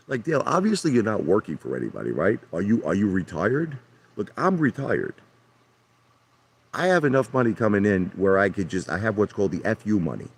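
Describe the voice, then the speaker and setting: Low-voiced male livestream host, argumentative rambler talking to chat from his hot tub. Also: very animated, a little fast, breathy edge. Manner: brash, argumentative, repeats himself, addresses chat by name. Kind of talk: rambling live chat with viewers.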